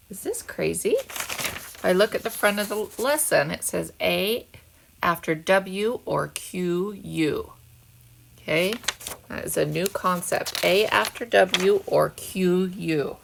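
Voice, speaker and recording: A woman's voice: lowish voice, gravelly, noisy background. A woman teacher giving a patient phonics lesson to second graders, asking them to repeat words after her. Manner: slow, patient, asks children to echo words. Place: at home, away from school.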